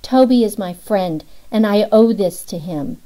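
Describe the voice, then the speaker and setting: A woman's voice: mid-range voice, lively intonation, unhurried, mellow, lightly acted, poor audio. A woman narrator voicing a determined young woman who speaks earnestly about a friend.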